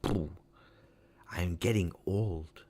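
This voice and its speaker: A man's voice: low-pitched, very slow, slight background noise. A man in his forties with an Italian accent, hosting a casual live stream, emotional and repeating himself. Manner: emotional, repeats words, shifts between loud and soft. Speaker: football fan channel host.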